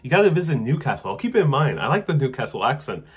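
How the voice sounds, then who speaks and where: A man hosting a casual live stream, answering viewer questions about travel in a relaxed, rambling way with many fillers. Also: mid-range voice, racing, slightly rough. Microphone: wireless clip-on mic.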